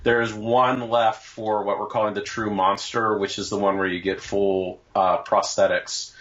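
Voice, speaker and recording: A man's voice: on the low side, little pitch movement, a little slow, fairly bright tone. Man explaining plainly. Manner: plain, informative, explaining details. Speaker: guest, event organizer. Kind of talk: casual podcast chat. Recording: dull lo-fi audio.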